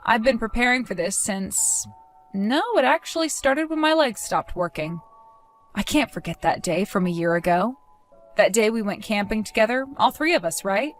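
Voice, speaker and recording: Calm, coldly accusing woman. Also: medium pitch, moderate pace, faint music behind. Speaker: wronged fiancée telling her side. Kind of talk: dramatized story dialogue.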